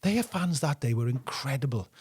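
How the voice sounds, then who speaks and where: A man's voice: mid-range voice, animated, normal speed, darkish tone, breathy edge. A middle-aged Welsh man co-hosting a podcast, telling stories in casual chat and often laughing as he talks. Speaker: podcast co-host.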